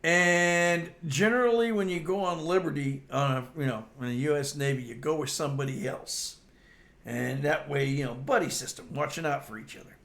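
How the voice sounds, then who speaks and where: An older man swaps work stories in a casual, unhurried way, and he keeps breaking into laughter at his own antics. His voice sits fairly high and bright, with a gravelly edge and a pitch that swings widely. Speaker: storyteller host. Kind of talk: casual storytelling.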